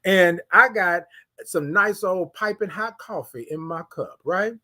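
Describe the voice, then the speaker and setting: Texan guy hosting a morning live stream, high voice, hypes up the chat call-and-response style. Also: measured pace. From Houston, Texas. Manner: animated, preachy call-and-response with the audience. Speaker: morning show host.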